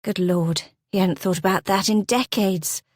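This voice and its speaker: A woman narrating a historical romance audiobook in a measured, descriptive way, close to a studio mic. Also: mid-range voice, fairly even intonation, no room sound. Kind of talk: scripted narration.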